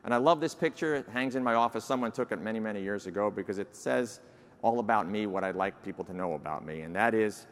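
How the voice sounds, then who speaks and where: Older New York-accented man, lowish voice, folksy keynote with lots of uh, long hall reverb. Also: fast. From New Jersey, United States. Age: 60s. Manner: folksy, self-deprecating, frequent uh fillers. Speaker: society president giving an address. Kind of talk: conference keynote speech. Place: large conference hall.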